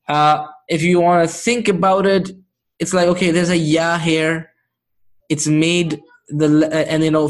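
A man teaching Arabic grammar to a live class, patient, often checking whether students follow. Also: fairly high pitch.

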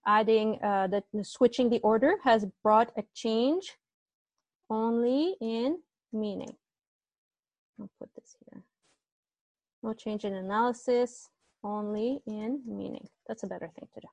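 A woman teaching Arabic grammar in an online class, chatty and quick to correct herself, often checking that the class agrees. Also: fairly high pitch, a little mellow, dry recording. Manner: chatty, self-correcting, asks class to confirm.

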